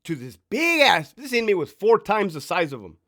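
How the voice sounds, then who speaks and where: Blunt, profane ex-prison sergeant, lively voice. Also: male voice, high-pitched, normal speed. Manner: blunt, profane, emphatic, asks rhetorical questions. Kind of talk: casual storytime monologue.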